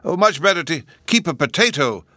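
A man voicing a kindly, excitable old male professor with a fussy, chirpy manner. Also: on the high side, a little fast, dry recording, clean studio sound, pitched above the performer's own voice. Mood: fussy, cheerful.

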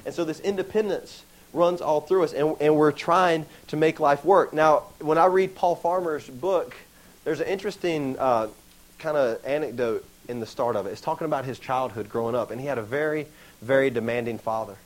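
A young man preaching a sermon in a casual, animated way, acting out the voices he quotes. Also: on the high side, normal speed, low-quality recording. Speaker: pastor.

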